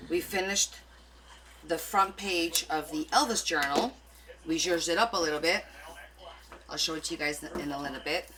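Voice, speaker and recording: A woman's voice: sits low, moderate pace, long pauses, noisy background. A woman hosting a live crafting stream, chatting casually and rambling as she answers viewers' comments.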